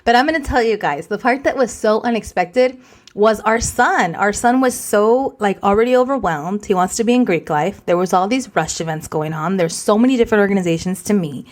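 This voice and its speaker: A woman's voice: medium pitch, brisk. A woman in her forties co-hosting a podcast, telling a story in casual chat and dropping in Spanish words. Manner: animated, mixes in Spanish words. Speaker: podcast co-host.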